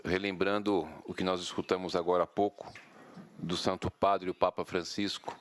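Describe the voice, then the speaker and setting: Deep-voiced man with a Brazilian accent. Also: little pitch movement, a little fast. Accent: Brazilian Portuguese. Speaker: city mayor giving a speech. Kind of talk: formal speech. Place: conference hall.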